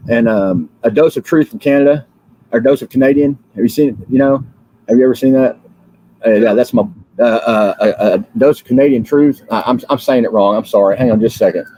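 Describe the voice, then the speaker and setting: A man's voice: mid-range voice, dark tone, slight background noise, poor audio. A drowsy man from the United States hosting a livestream, ranting in a fiery, repetitive way with many fillers and restarts. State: drowsy, just woken up. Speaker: livestream host. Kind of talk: rambling political livestream rant.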